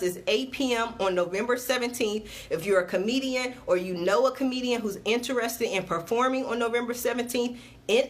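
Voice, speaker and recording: A woman's voice: fairly high pitch, a bit bright. Chatty upbeat woman on a livestream. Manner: chatty, upbeat, repeats dates for emphasis. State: sweating, patting herself dry. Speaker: TV network CEO. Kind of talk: casual Facebook Live talk to viewers.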